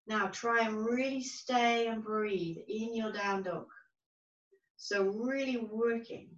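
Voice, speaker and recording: A woman teaching a yoga class, giving calm, gentle, unhurried cues. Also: fairly high pitch. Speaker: yoga instructor. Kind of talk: guided yoga class instruction. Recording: roomy, distant, dull-sounding recording.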